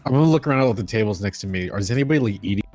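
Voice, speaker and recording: A man playing a tabletop game, describing his moves in a laid-back way full of fillers, now and then bursting into excited play-acting. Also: fairly low pitch, rapid-fire. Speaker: player.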